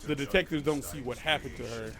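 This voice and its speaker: Over background music, a medium-pitched man talks fast while casually recounting a creepy story as a podcast co-host. His telling is profane and rambling, full of self-interruptions.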